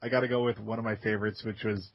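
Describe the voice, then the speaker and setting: A man's voice: lowish voice, level tone, rapid-fire. A man co-hosting a casual podcast chat, sheepish and self-deprecating, laughing often. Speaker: podcast co-host. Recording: dry, dull lo-fi audio.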